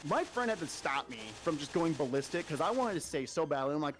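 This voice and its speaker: A man's voice: a little high, big pitch swings, quick pace, hardly any pauses, music in the background. A young man streaming while he plays, telling an army story in casual chat, heated and sarcastic and swearing often.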